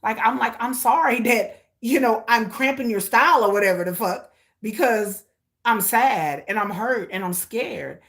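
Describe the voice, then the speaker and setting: Woman, middle-aged, fairly high voice, blunt, emotional, swears a lot, acts out dialogue. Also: moderate pace, a bit bright. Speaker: live watch-along streamer. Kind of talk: casual personal storytelling.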